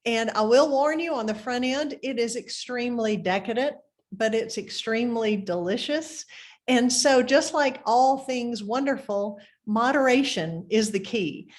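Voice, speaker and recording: A woman with a Southern Mississippi accent hosts a community program in an effusive, chatty way. Her voice sits a little high for a woman. She keeps stacking up thank-yous and asides. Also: measured pace. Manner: chatty, effusive, uses "y'all". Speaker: program host. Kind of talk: friendly community program introduction.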